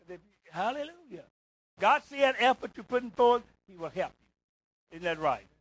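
A man preaching a call-and-response sermon in church, rising to shouts on key words and asking "isn't that right?" again and again. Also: very high voice, animated, normal speed, dry recording, rough recording. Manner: rises to shouts on emphasis, repeats "isn't that right?".

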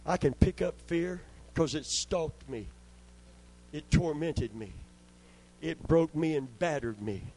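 A man's voice: fairly high pitch, slow pace, a little mellow, husky, low-quality recording. An older man preaching a sermon, telling stories and calling out for amens as he builds to fervent preaching. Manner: storytelling, call-and-response asking amen, rising to fervent preaching.

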